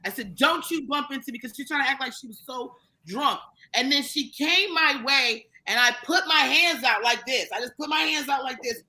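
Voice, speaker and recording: A woman guest on a live-streamed podcast, telling a profane story in an animated, casual way with many restarts. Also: high-pitched, moderate pace, hardly any pauses, rough recording. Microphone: live stream mic.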